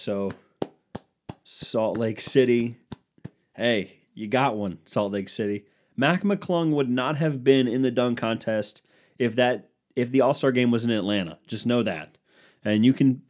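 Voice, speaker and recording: A young man with a mid-range, slightly mellow voice hosts a solo podcast, delivering a rambling, sarcastic, and crude comedic rant.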